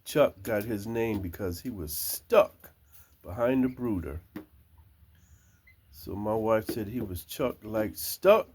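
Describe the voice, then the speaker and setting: Slow-drawling older man. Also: on the low side, a little mellow, slight background noise. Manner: slow, drawling, talks fondly to the birds. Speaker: vlogger showing his backyard chickens. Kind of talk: casual chat talking to his hens. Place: outdoors at a chicken coop. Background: chickens clucking.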